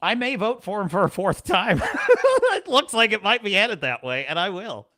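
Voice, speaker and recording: A man hosting a livestream show, chatting casually in a rambling, animated way and laughing often. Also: sits high, normal speed.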